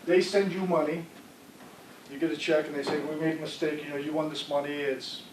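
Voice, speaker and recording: A man's voice: fairly high pitch, level tone, brisk, background noise. A man giving a conversational community talk on scams, often checking with the audience. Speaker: fraud prevention speaker. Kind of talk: community presentation. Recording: echoey room, speaker far from mic.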